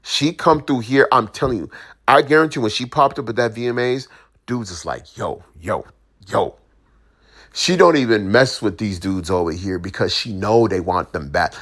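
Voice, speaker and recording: A man's voice: lowish voice, normal speed, a bit bright. A man giving his opinions in a casual, slangy monologue, full of restarts and asides to the listener. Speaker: commentator.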